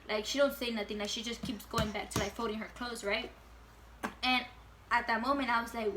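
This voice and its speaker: A woman's voice: a little high, fairly even intonation, a little fast, noisy background. A woman in her late teens telling a casual storytime at home, chatty and full of fillers, swearing freely. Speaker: vlogger.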